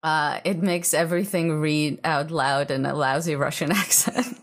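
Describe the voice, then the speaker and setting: A woman's voice: deep voice, fairly even intonation, moderate pace. A woman co-hosting a casual movie-review podcast, laughing often and hedging her points with fillers. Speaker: podcast co-host.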